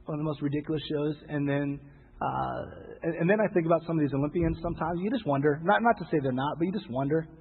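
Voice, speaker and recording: A man's voice: on the high side, quick pace, creaky, husky. A man preaching a sermon in a conversational, emphatic way, repeating phrases and acting out quoted voices. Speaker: pastor. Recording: tinny phone-like sound with long hall reverb.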